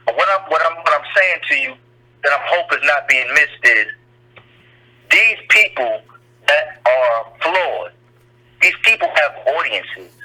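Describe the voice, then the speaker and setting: A man's voice: on the high side, sing-song, unhurried, long pauses, sharp tone. A man calling in to a talk show who stumbles and restarts as he presses his point. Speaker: caller. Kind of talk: call-in phone conversation. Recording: tinny phone line.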